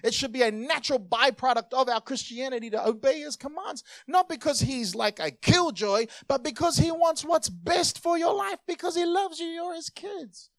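A man preaching a sermon, lively and conversational, dropping soft then rising loud, acting out voices in his stories. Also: very high voice, normal speed, hardly any pauses, no room sound, clean studio sound. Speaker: pastor.

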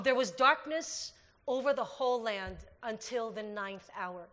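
Woman, pastor, sermon, bright tense voice, emotional rambling delivery, long reverb. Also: on the high side, unhurried. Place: church hall. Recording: hall reverb.

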